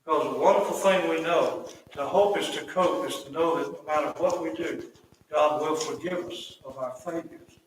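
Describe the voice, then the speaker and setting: Folksy preacher in an echoey church. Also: male voice, fairly high pitch, moderate pace, slight background noise. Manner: folksy, builds to loud emphatic repetition. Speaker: pastor. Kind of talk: sermon. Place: church sanctuary. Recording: echoey church hall, mic at a distance.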